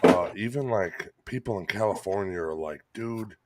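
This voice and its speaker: A man's voice: low voice, moderate pace, heavy background noise. Laid-back, swearing man telling stories. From Michigan. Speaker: co-host. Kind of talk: casual chat.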